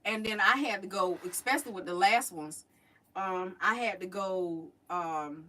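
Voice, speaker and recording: A middle-aged woman, chatting and telling stories to her live chat, animated and drawling. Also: mid-range voice, unhurried. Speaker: livestream host. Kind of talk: casual storytelling to a live chat. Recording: voice a little distant from the mic.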